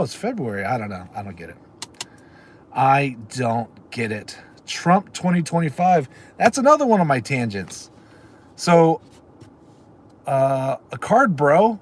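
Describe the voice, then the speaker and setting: A man's voice: mid-range voice, a little hiss or hum. A middle-aged man, hosting a livestream in a rambling casual chat and answering comments from viewers. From Texas. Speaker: livestream host.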